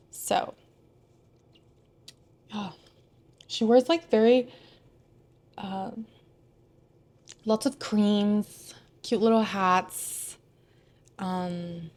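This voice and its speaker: A woman's voice: mid-range voice, a little mellow. A young woman from Houston chatting casually about films, digressive and full of asides. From Houston, Texas. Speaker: film vlogger.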